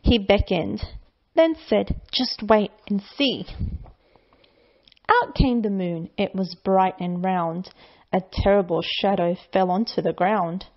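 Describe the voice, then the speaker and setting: A woman reading a rhyming children's bedtime story aloud in a slow, lilting, expressive way. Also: medium pitch, highs cut off.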